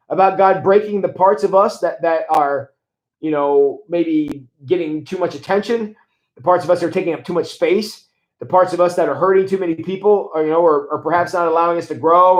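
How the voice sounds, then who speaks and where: A man talking as a pastor on a livestream, conversational and animated, reading viewer comments and acting out mock prayers. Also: a little high, echoey room, poor audio.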